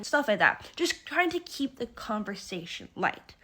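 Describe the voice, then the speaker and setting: Young woman narrator, husky mid-range voice, dramatic and profane storytime. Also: mid-range voice, big pitch swings, normal speed, hardly any pauses, a bit bright. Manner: dramatic, swears often, lots of "okay?".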